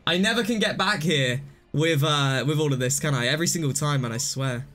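A young man streaming live gameplay commentary, rambling and mocking his own mistakes, now and then bursting out excitedly. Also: on the high side, a little fast, faint music behind.

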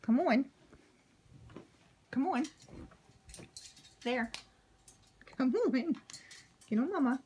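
High-pitched woman baby-talking her bird. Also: lively intonation, extremely slow, pauses often, dark tone, a little hiss or hum. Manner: coos and baby-talks to her bird, laughs often. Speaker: pet owner filming her cockatoo. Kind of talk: casual home video chat. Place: living room at home. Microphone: handheld camera.

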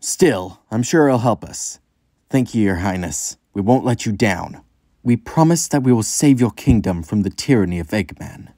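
A man voicing a composed, strategic female cat warrior who talks briskly and matter-of-factly. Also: fairly low pitch, lively intonation, mellow, no echo, clean studio sound. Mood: focused.

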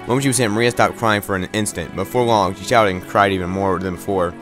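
A man's voice: fairly low pitch, steady tone, fast talker, music in the background. A man reading a visual novel aloud, stumbling and restarting words, with wry asides.

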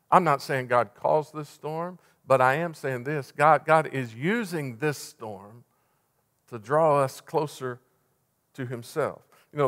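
A man preaching a sermon as pastor, swinging between loud urgent passages and hushed, soft ones. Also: mid-range voice. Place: church sanctuary. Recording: long church reverb.

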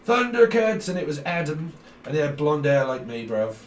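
A man's voice: fairly high pitch, big pitch swings, moderate pace, recorded from a distance. A man giving a rambling, jokey tarot reading, free-associating and putting on silly voices. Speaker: tarot reader. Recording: roomy echo, set back from the mic, faint background noise.

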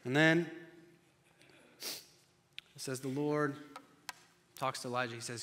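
A male pastor preaching a sermon, telling the story dramatically and swinging between loud and hushed delivery. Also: mid-range voice, steady tone, takes it slowly, long pauses, slight background noise. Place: church sanctuary. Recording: long church reverb.

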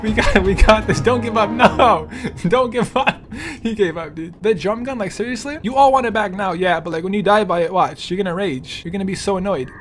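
A man giving excited gameplay commentary, laughing often and yelping and pleading loudly as things happen. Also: high voice, fairly quick, few pauses, soft background music. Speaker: gaming streamer.

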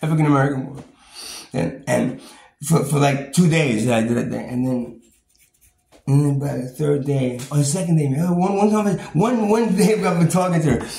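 A man's voice: on the high side, moderate pace, creaky, warm tone. A man ranting angrily about his own experiences, swearing often, stumbling over repeated words and breaking into bitter laughs. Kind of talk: angry personal rant. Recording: roomy echo, faint background noise.

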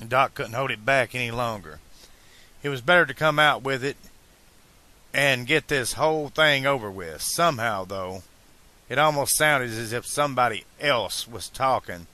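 A man narrating a fan-made audiobook in a slow, deliberate reading style. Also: medium pitch, pushed and bright.

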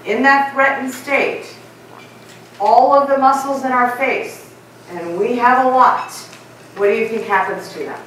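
A middle-aged woman delivers a keynote talk, keeping it lively with questions to her audience. Her voice sits a little high and rings around a big echoing conference hall, picked up from some distance. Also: a little slow, slight background noise. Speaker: keynote speaker. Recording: echoey hall, mic from far off.

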